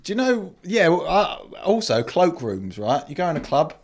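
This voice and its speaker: A man's voice: a little high, sing-song, normal speed. Teasing man, podcast banter. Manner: teasing, jokey interjections. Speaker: podcast co-host. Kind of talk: casual chat, banter.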